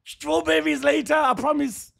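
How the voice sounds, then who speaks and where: A man's voice: very high voice, steady tone, moderate pace, gravelly, fairly bright tone. A man, a father, streaming a game and chatting with viewers in laid-back slangy banter. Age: adult father. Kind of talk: casual livestream chat.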